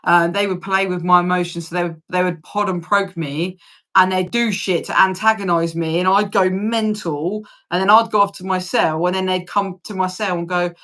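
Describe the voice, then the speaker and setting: A woman's voice: fairly low pitch, steady tone, moderate pace, a bit bright. A British woman in her forties hosting a casual livestream chat, talking loosely, laughing often and swearing freely. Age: 40s. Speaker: livestream host.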